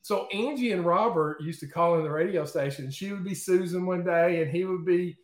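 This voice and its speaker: A man guest in an interview, telling stories in a lively, chatty way and often checking in with "okay?" and "right?". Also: sits high, normal speed, echoey room. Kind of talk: casual storytelling in an interview.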